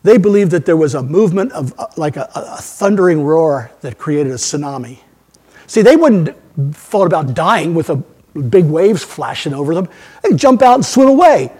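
A man preaching a sermon as a pastor, emphatic, swinging between loud outbursts and quiet asides. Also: fairly high pitch, sing-song, moderate pace, husky. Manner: emphatic preaching with sudden loud rises and soft drops.

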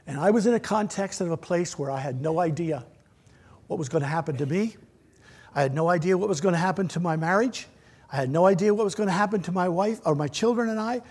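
A middle-aged man preaching a sermon in a church, earnest, swinging from loud to near-whispered. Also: high voice, breathy edge. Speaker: pastor.

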